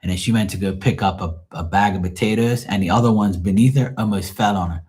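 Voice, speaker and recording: A man's voice: fairly low pitch, fast talker, hardly any pauses, darkish tone. A middle-aged man venting on a live call in a profane, rambling, exasperated way. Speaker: caller on a live tarot stream. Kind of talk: casual venting.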